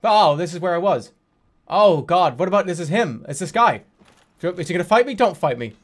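A man commenting as he plays a video game, swearing, laughing and yelling in frustration. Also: high-pitched, expressive, normal speed. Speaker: gaming streamer. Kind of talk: let's play commentary.

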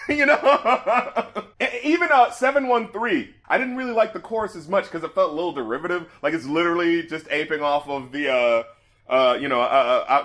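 High-voiced excitable man chatting. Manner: excitable, laughing often. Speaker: podcast host. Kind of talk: casual review chat.

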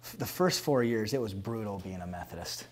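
A pastor in his thirties answering interview questions candidly, acting out past conversations with animated storytelling. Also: lowish voice, fairly quick, slight background noise. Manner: animated storytelling, acts out dialogue.

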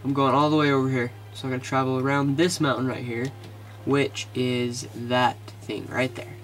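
A man casually commentating his video game, excitable and easily frustrated, muttering to himself. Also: mid-range voice, normal speed. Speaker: gamer.

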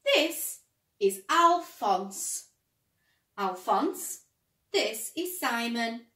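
A woman's voice: on the high side, expressive, very slow, bright, forceful tone, exaggerated voice. A woman voicing an eager, cheerful male friend in a storybook, bouncy and full of ideas. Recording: roomy, distant mic.

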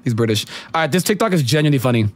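A man's voice: medium pitch, lively intonation, very fast. A man streaming a game and chatting with viewers, slangy and profane and laughing often. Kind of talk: casual livestream chat with viewers.

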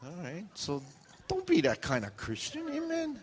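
A man's voice: a little high, wildly swooping pitch, normal speed, long reverb tail, slight background noise. A man preaching a sermon as pastor, casual and joking, acting out what his listeners are thinking. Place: church sanctuary.

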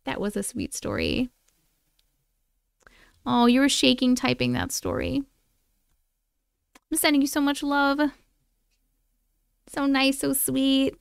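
High, gravelly woman gushing on a live stream. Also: little pitch movement, takes it slowly, long pauses, no echo, studio quality. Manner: gushing and affectionate, chatty. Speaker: live-stream host reading viewer stories. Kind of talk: casual live-stream chat. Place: at home with her cats.

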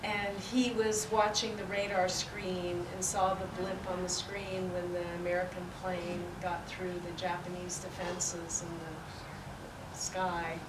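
A woman reminiscing and reading poetry aloud at a peace forum, in an unhurried, warmly reminiscing way. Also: fairly low pitch, level tone. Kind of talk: spoken recollection and poetry reading. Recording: roomy, distant, noisy event recording.

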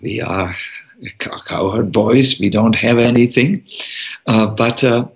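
A man voicing a gentle divine cowherd boy who speaks softly, half in a whisper, in a storybook tale. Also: medium pitch, slow pace, creaky, poor audio. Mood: hushed.

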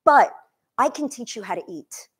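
A woman nutrition coach and cookbook author from Egypt, giving a lively talk to a live audience in a demo kitchen, asking them questions. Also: a little high, moderate pace, husky. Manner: energetic, questions the audience, emotional.

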